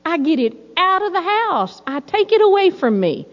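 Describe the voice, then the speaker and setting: A middle-aged woman preaching a sermon, telling folksy personal stories in a lively, storytelling way. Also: very high-pitched, moderate pace. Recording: dull sound in a reverberant hall.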